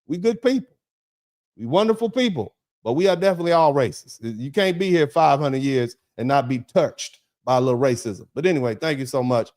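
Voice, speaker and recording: A middle-aged American man hosting a livestream, reading chat comments and riffing in a lively, preacherly way, acting out little dialogues. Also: fairly quick. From United States. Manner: animated, preacherly, acts out dialogues; drops to low, quiet tone when telling a personal story.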